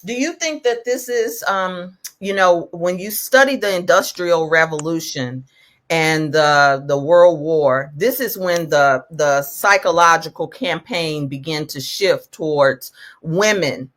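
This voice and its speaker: A woman who is a life coach talks as a podcast guest. She sounds emphatic and animated and laughs easily. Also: low voice, slow. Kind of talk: casual podcast conversation.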